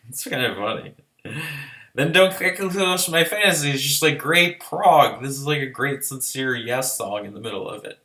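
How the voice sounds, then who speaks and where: A man's voice: mid-range voice, normal speed, sharp tone. A man giving a casual, rambling, profane and enthusiastic album review in a vlog. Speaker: music reviewer.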